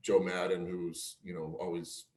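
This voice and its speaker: A former pro pitcher from Cleveland telling career stories in a casual interview, laughing often and acting out quotes. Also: male voice, a little slow, roomy sound. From Cleveland, Ohio. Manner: animated storyteller, laughs often, acts out quotes.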